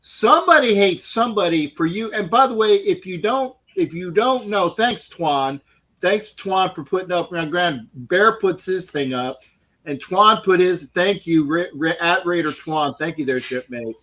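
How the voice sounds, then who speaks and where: A man hosting a casual sports talk show, loud and animated, calling people "shipmate". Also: high voice, measured pace, rough recording. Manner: loud, animated, pirate-captain slang like "shipmate". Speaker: podcast host.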